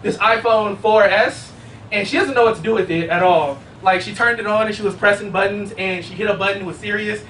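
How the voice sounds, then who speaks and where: High-voiced young man doing profane stand-up. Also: steady tone, a little fast, fairly bright tone. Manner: casual, profane, rambling storytelling. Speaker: stand-up comedian. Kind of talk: stand-up comedy set. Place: comedy club stage. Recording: roomy, distant, noisy live room. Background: audience laughter.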